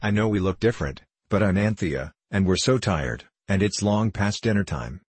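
A man's voice: fairly low pitch, animated, moderate pace, slightly rough, no echo. A man voicing a sensible, polite eldest girl in a storybook, speaking decidedly. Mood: pleading.

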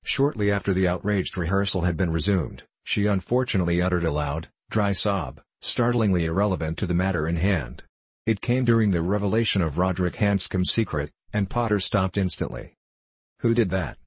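A man narrating a novel in a measured, even storytelling manner. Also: low-pitched, husky, no echo. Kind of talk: audiobook narration.

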